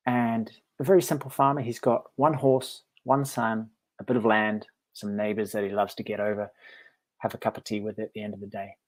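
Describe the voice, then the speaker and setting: A meditation teacher talking casually to camera, telling a parable in a friendly, reflective way with frequent chuckles. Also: male voice, on the low side, little pitch movement, brisk. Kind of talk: casual storytelling vlog.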